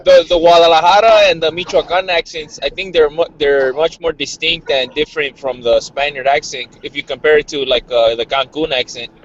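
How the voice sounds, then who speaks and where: A man's voice: a little high, steady tone, fairly quick, few pauses, lo-fi sound. A man on a casual sports podcast, joking around and speaking with hesitant fillers. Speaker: podcast panelist. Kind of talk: casual chat.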